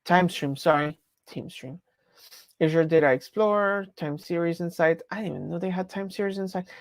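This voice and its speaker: A woman from France, speaking with a French accent, chats casually on a live stream, rambling and cutting off her own sentences. Her voice is fairly low at a moderate pace, with no echo.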